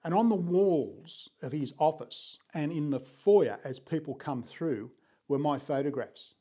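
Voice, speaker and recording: Mellow-voiced older Australian man. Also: on the high side. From Sydney, Australia. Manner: unhurried, earnest, frequent throat clearing. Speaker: photographer. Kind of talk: reflective storytelling vlog.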